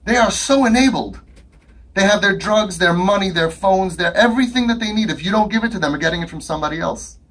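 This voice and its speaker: A man's voice: sits high, fast talker, hardly any pauses, a bit bright. A man giving an impassioned talk to a live audience, firing rhetorical questions and acting out dialogues. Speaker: speaker addressing an audience.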